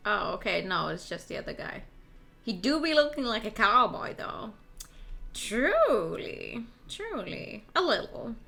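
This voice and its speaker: Young woman streamer, bright and lively, joking game chat. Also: mid-range voice, vocal fry. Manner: animated, joking, quick asides.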